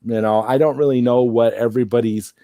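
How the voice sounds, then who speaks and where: A man's voice: medium pitch, fairly even intonation, brisk, dark tone, no echo, studio quality. A man hosting a casual late-night live-stream Q&A, rambling and circling back to repeat his points.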